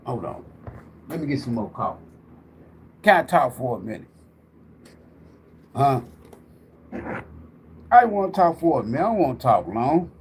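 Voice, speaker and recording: A middle-aged man holds forth on a tarot livestream like a former preacher, his pitch swinging widely as he drives his points home. He swears freely and keeps talking straight to his viewers, with a faint hiss of noise behind him. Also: normal speed, pauses often. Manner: animated, profane, preacher-like, addresses viewers directly. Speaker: tarot reader and livestream host. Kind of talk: rambling preachy livestream talk.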